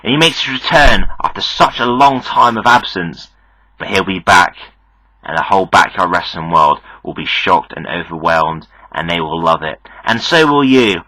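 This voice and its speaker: A man's voice: deep voice, moderate pace, bright, forceful tone, dry recording, poor audio. Hyped young man cutting a promo. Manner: hyped, salesy, addresses fans directly. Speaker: podcast host and backyard wrestler. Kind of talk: wrestling promo monologue.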